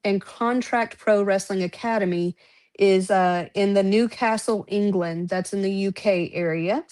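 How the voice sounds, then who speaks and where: A chatty woman, somewhere in her thirties or forties, talking through a list of wrestling promotions. Her casual, rambling delivery is full of fillers and easy laughter, at an ordinary middle pitch. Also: fairly even intonation, a little slow, a little mellow. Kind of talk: casual podcast chat.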